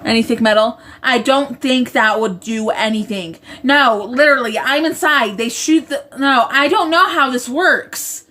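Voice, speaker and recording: A woman's voice: on the high side, measured pace, few pauses, sharp tone. A woman hosting a casual livestream from home, reading viewer comments aloud and rambling, often stopping to correct herself mid-sentence. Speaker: livestream host. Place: indoors at home, roommate in the next room.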